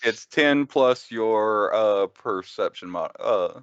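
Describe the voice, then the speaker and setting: A man playing in a tabletop game, hesitant, with many pauses and fillers. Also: lowish voice, lively intonation, fairly bright tone, clean tone, no echo. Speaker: player. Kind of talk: tabletop role-play over a call. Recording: dull lo-fi call audio, dry.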